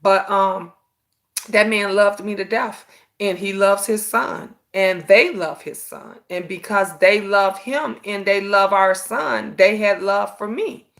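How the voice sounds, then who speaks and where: Sassy, animated woman host. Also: mid-range voice, takes it slowly. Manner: animated storytelling, sassy, says "honey" often. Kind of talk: casual live-stream chat.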